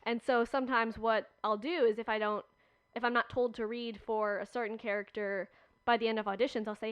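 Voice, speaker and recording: A young woman, a podcast guest, telling stories in a chatty, animated way with many fillers. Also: a little high, fairly quick, clear, resonant tone, no echo, lo-fi sound. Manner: chatty, animated storytelling with frequent "like". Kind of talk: casual chat.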